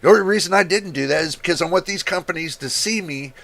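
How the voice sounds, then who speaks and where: A man's voice: high voice, fast, fairly bright tone. A man hosting a tech livestream as a reviewer, talking in a heated, emphatic way and repeating words for stress, with an occasional cough. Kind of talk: casual livestream rant.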